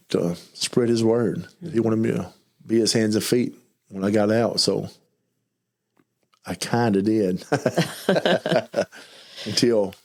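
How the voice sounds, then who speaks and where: A middle-aged man with a Southern US accent telling his life story in a casual interview, mumbling and stuttering now and then and talking fast in bursts. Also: lowish voice, a little mellow. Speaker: guest telling his testimony.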